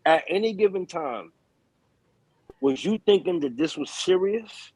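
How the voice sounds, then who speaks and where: Man, husky and fairly high, dry close sound, co-host breaking in to question the story. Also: animated, unhurried, a little mellow, dry recording, low-quality recording. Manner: interrupting with a pointed question. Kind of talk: casual chat on a group call. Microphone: video call.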